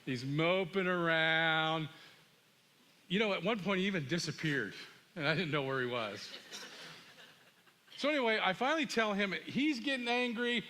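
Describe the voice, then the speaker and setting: Middle-aged male pastor, animated sermon storyteller, bright and high-pitched. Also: brisk, pauses often. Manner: animated storyteller, acts out dialogue.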